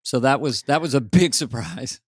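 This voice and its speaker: A man's voice: mid-range voice, animated, moderate pace, husky, no echo, clean studio sound. A man co-hosting a podcast, telling stories in casual chat with jokey asides. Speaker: podcast co-host.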